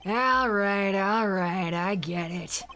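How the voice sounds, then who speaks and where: A woman's voice: mid-range voice, slow pace, pushed and bright, faint music behind. A woman reading a cocky, dismissive agent. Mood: smug. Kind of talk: fan voice acting of a game.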